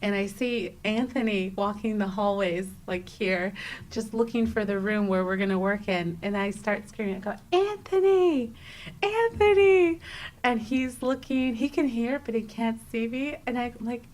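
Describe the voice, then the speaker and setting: Animated woman telling a personal story. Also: mid-range voice, normal speed. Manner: animated, acts out her own exclamations; frequent restarts and fillers. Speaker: podcast guest. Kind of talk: casual storytelling interview.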